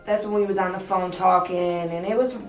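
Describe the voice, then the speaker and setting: A woman answering a detective's questions as a witness, in flat, short answers. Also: on the low side, brisk, soft background music. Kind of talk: police interview answers. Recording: distant echoey interview tape.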